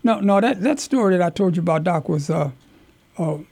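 An older man tells stories from his past with animated emphasis. His voice is gravelly and husky, with a mellow, darkish tone sitting a touch high for a man. He speaks as a guest in a relaxed interview. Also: fairly quick. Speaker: guest, community elder. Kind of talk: storytelling in conversation.

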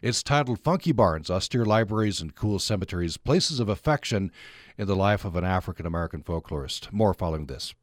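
A man with a Utah accent hosting a radio interview, relaxed and conversational with many fillers. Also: low voice, a little fast. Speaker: radio host. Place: radio studio. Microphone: studio microphone.

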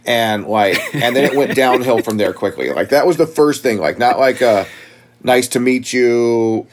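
A man's voice: normal speed, slightly rough. A man in casual conversation, telling a story from his own life with plenty of restarts. His voice sits in an ordinary middle range and jumps up sharply when he retells a shock. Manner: animated, rises high when retelling shock. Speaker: gym owner, guest.

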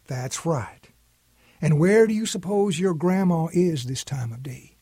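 A man voicing a patient, gently teasing older grandfather who talks in a folksy, coaxing way. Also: fairly high pitch, animated, measured pace, slightly rough, no room sound, clean studio sound, pitched above the performer's own voice. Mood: reasoning.

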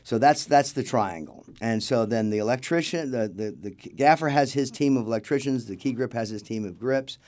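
Animated middle-aged man telling a story. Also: mid-range voice, moderate pace, hardly any pauses. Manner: animated storyteller acting out quoted voices. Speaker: interview guest, film crew grip. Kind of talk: storytelling in a casual interview.

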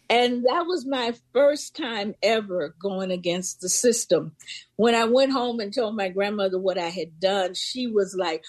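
A woman's voice: mid-range voice, unhurried, no echo. An older woman recalls her past in an interview, bringing each scene to life by voicing the people in it. Her voice is in the middle range for a woman, and it sounds close and dry, with almost no room around it. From Memphis. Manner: vivid storyteller, acts out voices in quotes. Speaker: interview guest. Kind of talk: personal storytelling.

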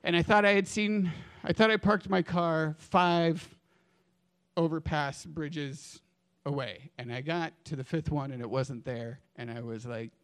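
High, smooth-voiced male storyteller. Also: measured pace. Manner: animated, dramatic, swings between hushed and loud. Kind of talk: live personal storytelling.

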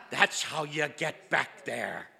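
A man telling a funny personal story on stage, self-mocking and animated. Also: mid-range voice, big-room sound. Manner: animated, self-mocking, acts out quoted voices. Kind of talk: comic live storytelling.

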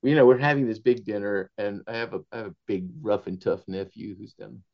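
A man, an author, telling animated anecdotes in an interview, laughing often and slipping into Spanish phrases. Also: lowish voice, a little fast, gravelly, lo-fi sound. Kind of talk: storytelling in a conversational interview.

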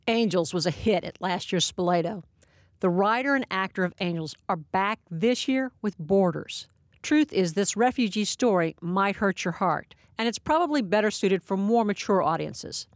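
A woman's voice: medium pitch, no room sound, clean studio sound. A woman hosting a podcast, reading intros and asking interview questions in a friendly, conversational way. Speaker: podcast host.

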